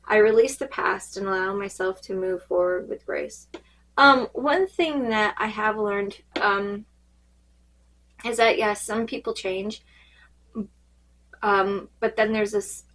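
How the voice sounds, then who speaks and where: Woman, slightly hoarse fading voice, rambling card reading, halting, lots of ums, mid-pitched. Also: fairly bright tone, low-quality recording. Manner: rambling, halting, with many fillers. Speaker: tarot card reader. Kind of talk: casual spiritual check-in.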